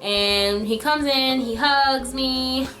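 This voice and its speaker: A woman's voice: high-pitched, slow pace, sharp tone, faint music behind. A young woman telling a casual storytime to her viewers, chatty and dramatic, with lots of "like" in her speech. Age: young adult. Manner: chatty, dramatic, heavy use of "like".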